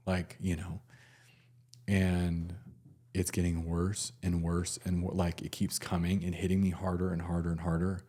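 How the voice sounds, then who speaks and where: A man, a nurse, telling a personal story in a casual, halting way with many fillers and restarts. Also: deep voice, flat delivery, warm tone.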